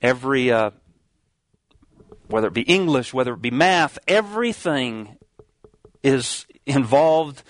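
A man's voice: mid-range voice, animated, no echo. Man preaching, dry close sound. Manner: reads King James verses slowly, stresses key words, some restarts. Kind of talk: sermon with scripture reading.

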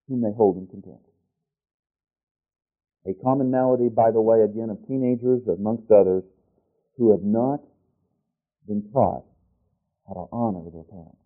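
A man preaching a sermon, reading scripture aloud and stopping often to restart and correct himself. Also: lowish voice. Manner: deliberate, with restarts and self-corrections. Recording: tinny phone-like sound.

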